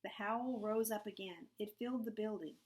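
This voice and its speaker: A woman reading a children's novel aloud in a measured, expressive narration. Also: mid-range voice, low-quality recording. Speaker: audiobook narrator. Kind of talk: scripted narration.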